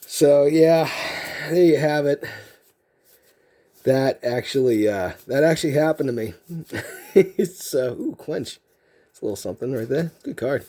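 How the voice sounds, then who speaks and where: Husky-voiced man rambling through a story. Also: on the high side, expressive, a little slow, pauses often, mellow. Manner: rambling, many fillers and restarts. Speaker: card collecting video host. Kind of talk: casual storytelling.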